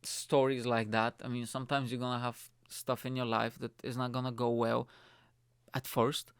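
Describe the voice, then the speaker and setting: A man's voice: medium pitch, normal speed, clean tone, dry recording, studio quality. A young man from Bulgaria hosting his own show, telling a long, rambling personal story and acting out the voices of people in it. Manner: rambling, animated, acts out quoted voices. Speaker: podcast host. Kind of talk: casual storytelling monologue.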